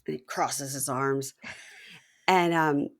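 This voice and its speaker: A woman's voice: low-pitched, steady tone, slow. A woman hosting a podcast, chatting casually and acting out the people she describes in raised voices. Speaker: podcast host. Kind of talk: casual chat recapping a reality show.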